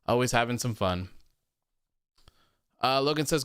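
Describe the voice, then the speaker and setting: A man's voice: medium pitch, normal speed, fairly bright tone, slight background noise. A man hosting a casual post-show chat, reading viewer comments aloud in a loose, repetitive way with frequent laughs. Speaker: podcast host.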